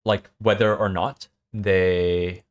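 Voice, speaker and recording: A man recapping and reading a web serial aloud, halting with many ums. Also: low voice, little pitch movement, lo-fi sound. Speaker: story reader.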